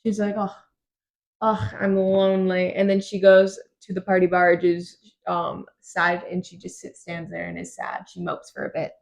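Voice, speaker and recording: A woman's voice: on the low side, level tone, moderate pace, gravelly, few pauses. A young woman casually recapping book chapters for a podcast, acting out the characters' lines with lots of ums and the odd swear. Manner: retells scenes in quoted voices, frequent ums, swears casually. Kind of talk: casual book-club chat.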